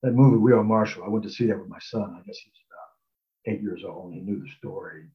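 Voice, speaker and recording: A man's voice: lowish voice, fast, highs cut off. An older man casually telling a personal anecdote, rambling with fillers and acting out quotes. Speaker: storyteller recalling his college recruitment.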